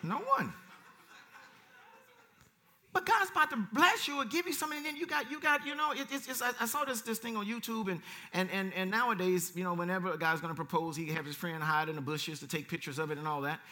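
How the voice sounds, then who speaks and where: A man preaching a conversational sermon, reading verses and commenting with animated swings from quiet asides to loud emphasis. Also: high-pitched, fast.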